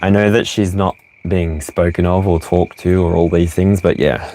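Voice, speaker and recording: A man's voice: deep voice, steady tone, a little mellow. A man giving a playful livestream tarot reading, breaking into song and laughter. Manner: playful, sings and laughs between slow readings. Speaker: tarot reader.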